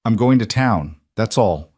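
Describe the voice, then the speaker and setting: A man reading the lines of a stubborn, bitter young ranch woman in a curt, flat way. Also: lowish voice, unhurried, slightly rough, no echo, clean studio sound.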